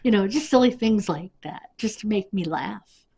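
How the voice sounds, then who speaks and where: Husky lady rambling about her family, halting, kinda sick and coughy. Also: mid-range voice, lively intonation, warm tone. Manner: rambling, halting, with many restarts and fillers. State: coughing, sniffly. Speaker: vlogger. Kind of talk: casual personal storytelling.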